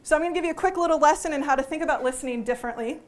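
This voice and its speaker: A woman teaching a workshop to a live audience, lively and joking, often putting questions to the room. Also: high voice, racing. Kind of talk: interactive workshop talk.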